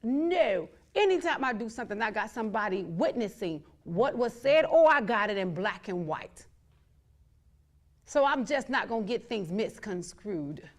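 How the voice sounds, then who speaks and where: A woman's voice: mid-range voice, expressive, moderate pace. A woman hosting her own show, speaking in a blunt, defiant monologue full of repeated, emphatic declarations. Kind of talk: outspoken monologue to viewers.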